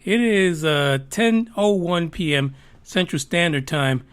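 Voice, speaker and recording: Rambling, profane, high-voiced man. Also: animated, slow, clear, resonant tone. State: tipsy from drinking. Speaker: podcast host. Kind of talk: casual live-stream chat.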